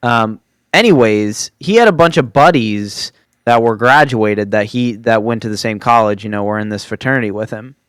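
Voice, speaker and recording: A man's voice: on the low side, moderate pace, fairly bright tone, smooth, no echo. A man in his twenties telling a rambling story on a podcast, full of fillers and laughing asides. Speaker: podcast host. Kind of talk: casual storytelling.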